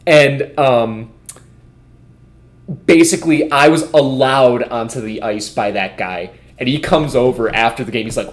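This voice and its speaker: A man's voice: mid-range voice, animated, unhurried, slight background noise. A man co-hosting a podcast, telling a story in a rambling, casual way, full of "like" and frequent swearing. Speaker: podcast co-host. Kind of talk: casual storytelling among friends.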